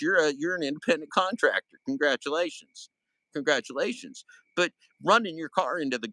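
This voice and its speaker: Man, livestream host, heated confrontational rant, high lively voice, bright and dry. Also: no room sound, low-quality recording. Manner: angry, confrontational, swearing.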